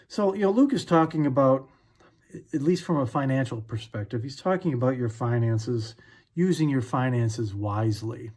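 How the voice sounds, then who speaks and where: A man, a financial advisor, giving a short unscripted talk on faith and money, relaxed and full of fillers and restarts. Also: medium pitch, measured pace.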